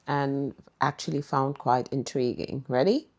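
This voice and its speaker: A woman's voice: extremely low pitch, fairly even intonation, measured pace. A woman telling a story to her viewers in a chatty way, speaking right to them. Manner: chatty, addresses viewers directly. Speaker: vlog storyteller. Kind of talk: casual storytelling to camera.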